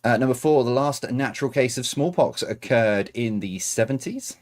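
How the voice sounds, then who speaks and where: A man's voice: medium pitch, moderate pace, a little mellow. A man reading out quiz answers as host, adding chatty, self-correcting asides.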